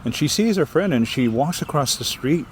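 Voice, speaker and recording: A man from Hawaii with a Hawaiian accent, telling a ghost story as a guest storyteller in a lively, animated way. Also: a little high, normal speed, a little hiss or hum. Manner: lively, animated, acts out the voices. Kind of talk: oral storytelling in an interview.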